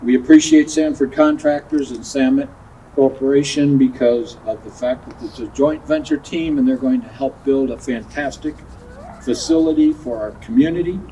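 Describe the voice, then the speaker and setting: A man's voice: medium pitch, normal speed, mellow, a little hiss or hum. A man chairing the county commission gives a folksy, conversational ceremony speech outdoors, sometimes correcting himself. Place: outdoors at a groundbreaking. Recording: distant outdoor recording, faint ambience.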